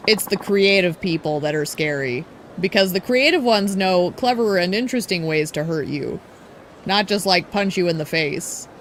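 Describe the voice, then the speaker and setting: Chatty woman streamer over noisy hiss. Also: medium pitch. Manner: chatty, giggly asides. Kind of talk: casual gameplay commentary.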